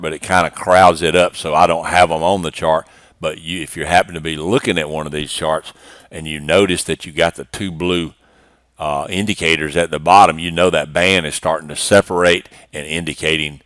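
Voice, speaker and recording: A man's voice: low-pitched, fairly bright tone, smooth, no room sound, studio quality. A man teaching day-trading chart setups in a plainspoken, matter-of-fact screen-share walkthrough, often restarting phrases. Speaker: trading instructor.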